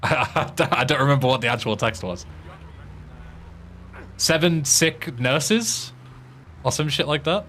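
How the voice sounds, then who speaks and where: A man's voice: medium pitch, a little fast, hardly any pauses, sharp tone, slight background noise. A young British man with a British accent, chatting casually while streaming a game, swearing often and laughing at himself. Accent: British English. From Britain. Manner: swearing, laughing at his own attempts at tongue twisters. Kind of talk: casual gaming stream chat.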